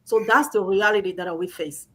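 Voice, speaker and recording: A woman's voice: medium pitch, normal speed, a bit bright. A woman guest telling her story in a casual conversation, earnest and conversational. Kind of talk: casual chat.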